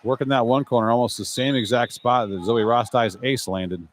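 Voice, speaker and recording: A mid-range male voice with fairly even intonation calls a volleyball match live as the play-by-play announcer. It's live sports commentary, delivered briskly and conversationally with chatty asides.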